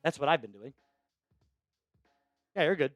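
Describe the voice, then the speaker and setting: A man's voice: fairly high pitch, animated, a little slow, no room sound, soft background music. Male stream host, upbeat and chatty, thanking donors; dry close sound. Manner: hyped, shouting out chat donors. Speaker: livestream host. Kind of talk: live sports play-by-play stream.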